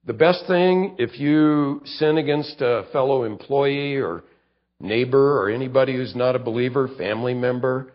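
A male pastor preaching a conversational sermon, acting out quoted lines and stumbling over quick restarts. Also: medium pitch, dull audio.

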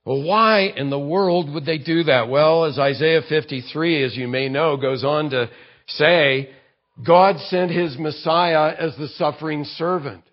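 A man preaches a sermon at an unhurried, deliberate pace. His voice sits a little high, and he works through scripture verse by verse with vivid illustrations. The recording sounds dull and lo-fi. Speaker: pastor.

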